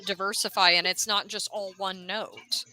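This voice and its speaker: A woman hosting a livestream from home, chatting casually and thinking out loud as she rambles. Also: mid-range voice, steady tone, moderate pace, slight background noise, poor audio. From United States. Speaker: livestream host. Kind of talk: casual chat. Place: home, in a room.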